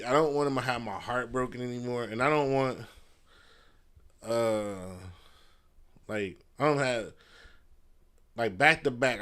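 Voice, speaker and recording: A man's voice: on the low side, fairly bright tone. A man hosting a casual solo podcast from a messy room at home, rambling loosely with fillers and swearing. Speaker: podcast host. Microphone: podcast mic.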